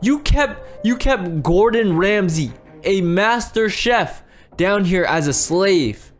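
A man's voice: high-pitched, expressive, takes it slowly, soft background music. A man acting out a game role-play as a frantic father, pleading and repeating himself. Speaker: role-play creator and lead player.

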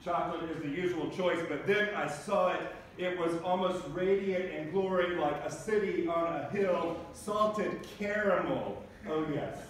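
A man preaching a sermon as pastor, telling funny everyday stories in a lively way. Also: high-pitched, unhurried, few pauses, a little hiss or hum. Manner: humorous storytelling preacher. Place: large church sanctuary. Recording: echoey church recorded from a distance.

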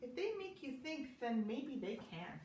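A woman reading aloud voices a gentle, poetic young male lion who speaks softly and earnestly in a storybook. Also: sits high, very animated, a little slow, roomy sound, far from the mic, a little hiss or hum, pitched above the performer's own voice, low-quality recording. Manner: soft, earnest, thoughtful.

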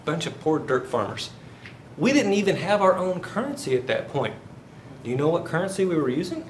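A man's voice: fairly high pitch, sing-song, fairly quick. Joking male lecturer in an echoey classroom. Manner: joking, storytelling, asks the class questions. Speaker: finance lecturer. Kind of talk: university lecture. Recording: echoey classroom with faint hiss.

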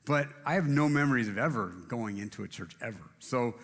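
A man's voice: medium pitch, fairly quick, big-room sound. A man preaching a casual sermon in a church, rambling and self-deprecating, with many restarts. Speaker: pastor. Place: church auditorium.

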